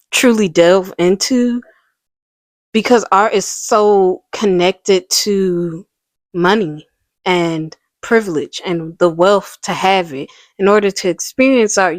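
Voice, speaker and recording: Slow, thoughtful woman book reviewer. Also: mid-range voice, dry recording. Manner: casual, analytical, many "you know" fillers. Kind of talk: video essay commentary.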